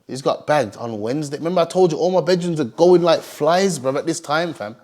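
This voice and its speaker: A man's voice: fairly high pitch, brisk, hardly any pauses. A young man telling a story in casual street slang, often acting out the people in it. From Birmingham, England. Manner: heavy street slang, animated retelling with acted quotes. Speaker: streetwear brand founder.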